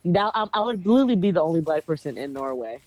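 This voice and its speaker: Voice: mid-range voice, big pitch swings, quick pace, darkish tone, a little hiss or hum. A guest chatting casually on a podcast, joking and poking fun at themself. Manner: joking, self-mocking.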